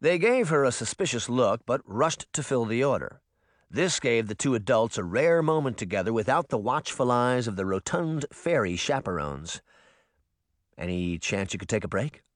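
A man narrating a children's story as a scripted, expressive reading in a studio booth. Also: medium pitch, normal speed, dry recording. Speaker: audiobook narrator.

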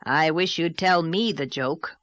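A woman's voice: deep voice, fairly bright tone, no room sound. A woman voicing a stern, practical older woman in a storybook reading. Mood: grim. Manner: dry, sober, measured.

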